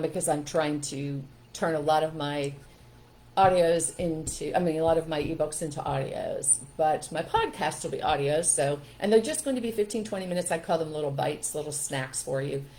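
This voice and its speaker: A middle-aged woman with a fairly low voice talks earnestly on a live stream, coaching parents. She chats casually and greets her viewers. A faint noise sits under the recording. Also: darkish tone, rough recording. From Pennsylvania, USA.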